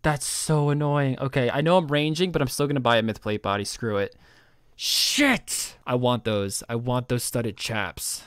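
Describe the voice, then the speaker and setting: Guy playing a game, smooth clean voice, dry sound, keeps cursing himself out. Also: mid-range voice, no echo. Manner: self-scolding, swearing, jumpy. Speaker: guest gamer. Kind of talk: casual gameplay commentary.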